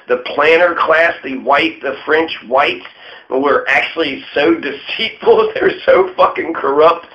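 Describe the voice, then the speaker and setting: A man's voice: on the high side, measured pace. Irreverent man with lo-fi sound. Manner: irreverent, swears often, mocking asides. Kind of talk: profane casual history monologue. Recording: dull lo-fi sound.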